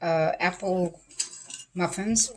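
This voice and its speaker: Slow-talking woman at dinner. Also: fairly low pitch. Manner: chatty, fond, talks to pets and family. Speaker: vlogger. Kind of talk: casual family dinner chat. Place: home kitchen at dinner.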